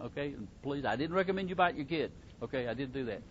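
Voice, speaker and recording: A man's voice: on the high side, quick pace, hardly any pauses, lo-fi sound, slight background noise. A middle-aged man, giving parenting advice to a group in a folksy, casual way and repeating himself as he goes. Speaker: parenting speaker. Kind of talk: casual talk to a live group.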